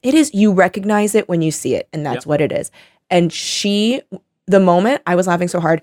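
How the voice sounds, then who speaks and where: Animated laughing woman, dry close sound. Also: on the low side, brisk, dry recording. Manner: animated, laughs often, quotes others in a lively voice. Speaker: podcast host. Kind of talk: casual chat.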